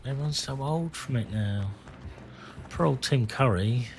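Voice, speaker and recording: A man's voice: mid-range voice, measured pace, background noise. A man, chatting casually and candidly while streaming a game, rambling and swearing freely. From England. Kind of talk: casual chat while gaming.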